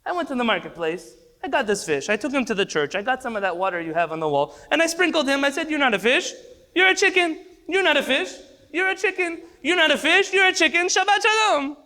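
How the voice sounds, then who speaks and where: A man playing a crafty, cheeky forced convert, high bright voice, sly and sing-song, punchline of a told joke. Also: sing-song, fast, heavily acted. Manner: pleading, then sly and triumphant.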